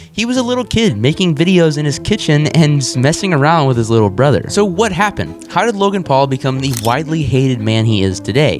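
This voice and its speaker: A young man talking through a casual commentary video with a very lively, swooping pitch. He is sarcastic and animated and laughs at his own jokes, with faint music under him. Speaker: commentary YouTuber.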